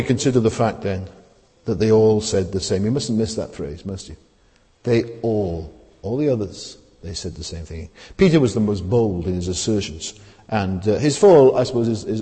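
A man preaches in a low, mellow voice. He talks in a conversational way, asking his listeners rhetorical tag questions and often restarting his phrases. His voice rings with the long reverb of a church hall. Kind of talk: sermon.

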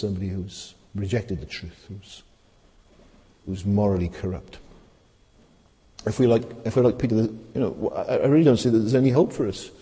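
A man's voice: mid-range voice, warm tone. A man preaching a sermon in a conversational way, with many rhetorical tag questions and restarts. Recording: long hall reverb.

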